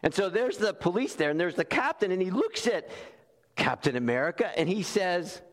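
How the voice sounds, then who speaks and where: A man's voice: sits high, sing-song, moderate pace, pauses often. A man preaching a sermon, telling stories animatedly and acting out quoted voices. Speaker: pastor. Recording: long hall reverb.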